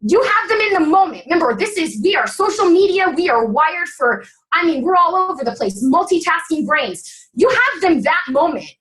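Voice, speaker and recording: A woman's voice: very high-pitched, big pitch swings, moderate pace, fairly bright tone, rough recording. A woman giving fired-up, blunt sales coaching as a guest on a video call.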